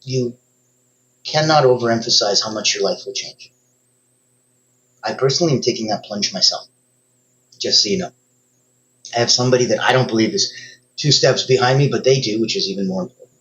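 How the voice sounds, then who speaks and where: Brisk but punctuated by long pauses, a man gives an emphatic motivational coaching talk addressed directly to the listener. His voice is a bit bright and leaps upward in pitch on key words.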